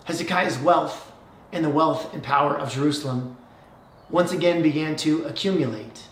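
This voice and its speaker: A preacher telling a story in an animated way, going from hushed to loud. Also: medium pitch, moderate pace, reverberant, far from the mic. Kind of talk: sermon.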